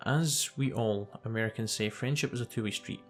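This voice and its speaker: A man voicing a calm, even-toned American intelligence liaison, measured and polite. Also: on the low side, faint music behind, lightly acted.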